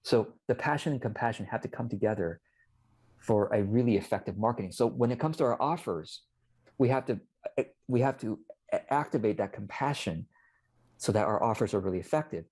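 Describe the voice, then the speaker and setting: A man's voice: fairly low pitch, lively intonation, brisk, darkish tone, slightly rough. A man as an interview guest, explaining casually and animatedly and acting out little quoted exchanges.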